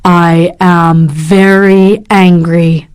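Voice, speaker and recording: A woman reading a storybook, voicing a stern older father who is a doctor in a grave, measured way. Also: mid-range voice, clear, resonant tone, lightly acted.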